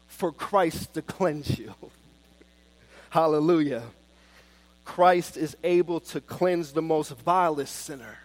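A man preaching a sermon with fervent emphasis, swinging between loud declarations and soft, hushed pleas. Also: fairly high pitch, no room sound.

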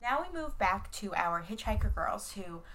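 A woman's voice: medium pitch, animated, normal speed, background noise. A young woman co-hosting a casual podcast, rambling through a recap with filler words and playful swearing. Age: young adult. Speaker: podcast co-host. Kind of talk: casual chat.

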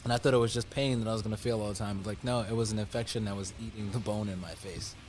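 Hombre joven, charla relajada con tacos. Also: male voice, on the low side, steady tone, fast, darkish tone, slight background noise. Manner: swears freely, tells stories. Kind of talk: casual chat.

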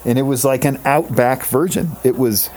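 Male co-host from Colorado, loose rambling comic banter, even mid-range voice. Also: medium pitch, normal speed. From Colorado, USA. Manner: rambling, playful, trails off into tangents. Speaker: podcast co-host. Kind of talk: casual comedic banter.

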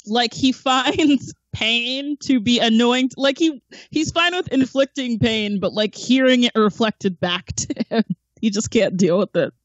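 A woman's voice: fairly high pitch, measured pace, no echo. A woman guest on a film podcast, chatting casually and laughing often as she retells scenes. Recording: dull lo-fi sound.

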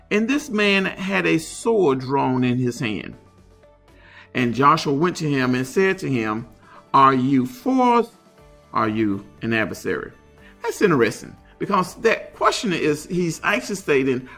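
A man, a pastor, teaching a Bible study in an unhurried, explanatory way, reading verses aloud and commenting on them. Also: fairly high pitch, vocal fry, a bit bright.

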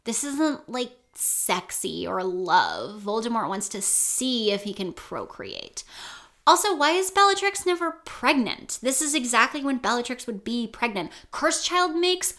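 A woman co-hosting a podcast in casual chat, animated and emphatic, swearing freely. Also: fairly high pitch, a little slow. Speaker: podcast co-host.

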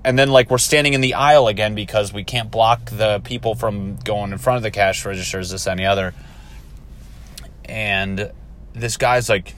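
A young man in a car, telling a profane, animated story about strangers at a store as a casual vlog rant. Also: fairly low pitch, moderate pace. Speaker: vlogger. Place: in a car while driving.

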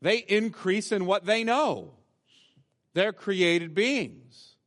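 A man preaching a sermon as pastor, reading scripture aloud and slowing down to stress key words. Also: sits high, expressive, fairly bright tone, long reverb tail. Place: church sanctuary.

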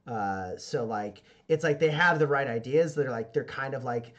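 A man's voice: medium pitch, moderate pace, a bit bright, muffled recording. A man narrating as game master, rambling with many fillers and restarts.

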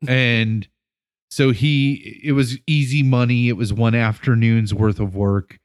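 A male educator co-hosting a relaxed podcast, telling an anecdote in an unhurried, meandering way. He pauses and restarts often and leans on fillers as he goes. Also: mid-range voice, smooth. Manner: rambling, with many fillers and restarts. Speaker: podcast co-host. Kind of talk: casual storytelling chat.

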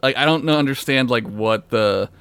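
A man's voice: medium pitch, normal speed, fairly bright tone, smooth, no echo. A man co-hosting a casual podcast, joking crudely and laughing a lot. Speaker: podcast co-host. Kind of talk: casual chat.

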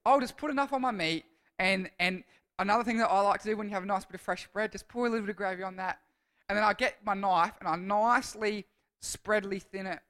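A man with an Australian accent delivers a casual sermon as a long personal story. His voice sits high for a man and rings bright and forceful. He rambles and restarts his sentences as he talks. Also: quick pace, clear, resonant tone. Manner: rambling, self-correcting storyteller. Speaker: youth speaker.

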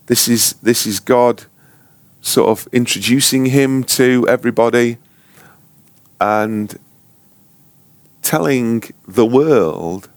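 This lower-voiced man teaches a ministry school Bible class casually, with no echo on the recording. His delivery wanders, full of jokes and sentences he abandons partway through.

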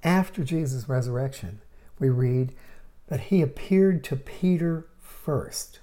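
Guy doing podcast bible storytelling, mellow voice, dramatic, gets loud then goes hushed. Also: medium pitch, lively intonation, takes it slowly. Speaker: Bible teacher.

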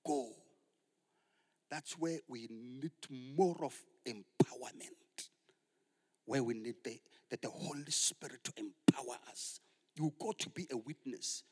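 A man from South Africa preaching a sermon as a pastor, swinging from loud exhortation to soft whispers. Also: medium pitch, a little slow, slightly rough. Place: church hall. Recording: church hall with long reverb.

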